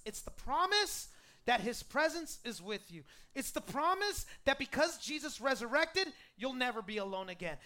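A pastor preaching a sermon to a congregation, animated, calling for responses and often restarting phrases with repeated words. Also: medium pitch. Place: church service before a congregation.

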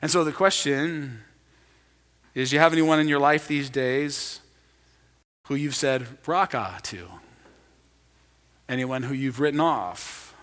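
A man's voice: mid-range voice, slow pace, long pauses, a bit bright. A male pastor preaching a sermon in a conversational way, acting out the lines he quotes. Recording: long reverb of a large hall.

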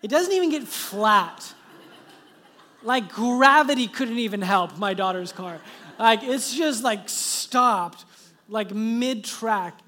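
Male pastor, sermon delivery; animated storyteller who drops to a hush for the tender parts. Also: high voice, slow pace. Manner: animated storytelling, dropping to soft hushed tones.

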